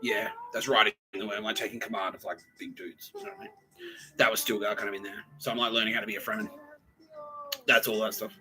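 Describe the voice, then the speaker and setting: A man's voice: lowish voice, big pitch swings, fast talker, sharp tone, faint music behind, low-quality recording. A man telling a rambling personal story, laughing often, swearing freely and acting out quotes. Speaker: podcast host.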